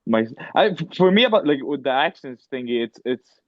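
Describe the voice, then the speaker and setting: A man's voice: medium pitch, big pitch swings, normal speed, dry recording. A man co-hosting a podcast in casual chat, hedging his opinions and often backchanneling. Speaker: podcast co-host, comedian. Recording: dry, dull lo-fi sound.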